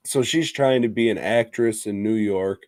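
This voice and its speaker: A man with a fairly low voice co-hosts a podcast, rambling through a movie review after a few drinks. He swears constantly and laughs partway through his own sentences. His voice sounds dry and close to the mic. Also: no echo. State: drinking, tipsy. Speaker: podcast co-host. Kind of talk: casual profane movie review chat.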